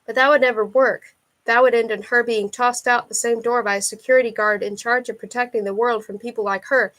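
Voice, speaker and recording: A woman reading a thriller novel aloud in a steady, unhurried narration. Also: a little high. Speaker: audiobook reader.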